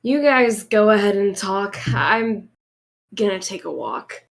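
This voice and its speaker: A woman playing a young woman unsure of who she is, who speaks slowly and pauses often. Her voice sits at a middle height and has an even, plain sound. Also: medium pitch, vocal fry, exaggerated voice. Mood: offhand. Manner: hesitant, with pauses.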